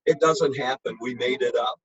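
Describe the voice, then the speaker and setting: A man's voice: mid-range voice, steady tone, moderate pace, breathy edge, dry recording. A man giving an informal, emphatic lecture on wine with blunt, chatty asides. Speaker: wine educator. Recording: dull lo-fi recording.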